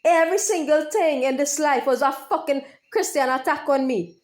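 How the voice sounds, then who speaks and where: A woman with a high, bright-pitched voice delivers a heated vlog monologue. She is profane and insistent and keeps circling back to the same phrases, hammering them again and again. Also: normal speed. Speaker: YouTuber. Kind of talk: impassioned monologue.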